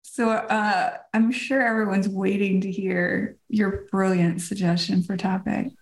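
A woman from the United States co-hosting a podcast in casual chat, thoughtful and quick to laugh. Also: medium pitch, flat delivery. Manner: laughs easily, thoughtful and reflective. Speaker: podcast co-host. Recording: roomy echo.

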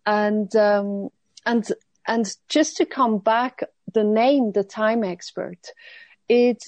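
A woman from Switzerland talking as a guest in an interview, reflective and halting, often restarting her sentences. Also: mid-range voice, darkish tone, no echo. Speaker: guest speaker. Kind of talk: conversational interview.

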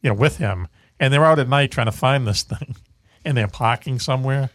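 A man's voice: mid-range voice, moderate pace, a bit bright, no echo, studio quality. A man hosting a radio talk show, chatting casually in a rambling way with lots of fillers and chuckles. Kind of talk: casual chat.

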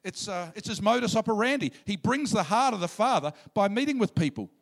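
A man preaching a sermon in an animated way, sometimes bursting into loud shouts. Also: high voice, brisk, vocal fry.

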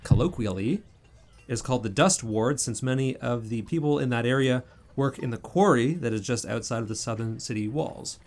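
A young man runs a tabletop game, describing scenes in a loose, relaxed way with the odd filler. His voice sits in an ordinary middle pitch. His delivery is casual and unhurried. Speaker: game master.

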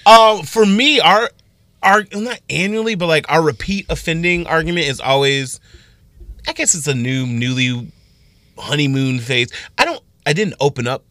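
A man's voice: on the high side, moderate pace, dry recording. A man co-hosting a radio show, talking casually and animatedly, acting out what he and his partner said. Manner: animated, laughing, acts out quoted lines. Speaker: radio co-host.

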